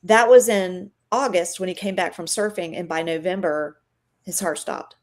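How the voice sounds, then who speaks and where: A woman's voice: fairly low pitch, moderate pace, darkish tone. A middle-aged woman, guest on a live stream, telling an emotional faith and healing story in a chatty, earnest way.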